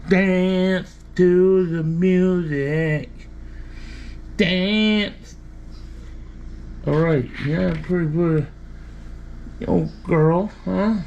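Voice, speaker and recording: A man's voice: high-pitched, creaky, warm tone. A man talking to his pet cat in a casual home video, teasing and affectionate. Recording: dull lo-fi home recording, faint background noise.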